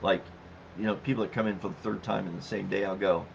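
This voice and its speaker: A middle-aged man hosts a relaxed livestream at mid pitch, his voice gravelly with fry. He chats loosely, laughs often and reads viewer comments out loud. The audio is dull and lo-fi, with a faint hiss behind him. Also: fast. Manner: chatty, laughs easily, reads comments aloud. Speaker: livestream host reading chat. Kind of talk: casual live-stream chat. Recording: dull low-fi stream audio with faint noise.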